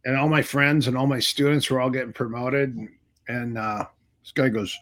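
His voice sits at medium pitch and normal speed. A middle-aged martial arts instructor, he tells stories casually in an interview, animatedly acting out the dialogue.

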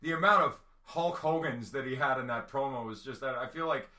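A man hosting a casual podcast, with a bright, forceful tone. He stumbles over fillers and restarts, then picks up into eager retelling. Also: mid-range voice. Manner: halting, many fillers, excitable. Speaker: podcast host. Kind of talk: casual chat.

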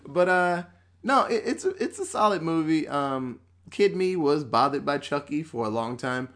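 A man in his thirties, a podcast host, chatting casually and profanely, acting out bits in quick voices. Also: on the high side, lively intonation, a bit bright. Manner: loose and profane, acts out quotes. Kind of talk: casual chat.

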